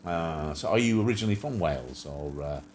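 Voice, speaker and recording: A man hosts a casual livestream chat show, rambling from one point to the next with plenty of ums and restarts. His pitch swings widely as he jokes around, and faint noise sits behind him. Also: animated, brisk. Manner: rambling, jokey, many fillers and restarts.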